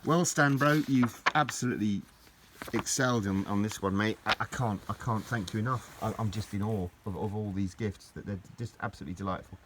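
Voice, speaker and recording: A middle-aged man speaks with a fairly low voice. He rambles and gushes, repeating his words as he chats casually. A faint hum of room noise sits under him. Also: fairly quick. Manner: gushing, rambling, repeats himself. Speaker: collector vlogger opening parcels. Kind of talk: casual unboxing chat.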